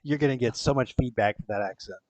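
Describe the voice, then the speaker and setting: A man's voice: mid-range voice, fast, a little mellow, no echo, lo-fi sound. A man hosting a tabletop game stream as game master, rambling with many fillers. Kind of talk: casual stream introduction.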